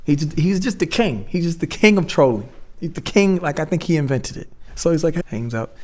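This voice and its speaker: A man's voice: on the high side, lively intonation, brisk. Man telling a casual, slangy anecdote. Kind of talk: animated anecdote.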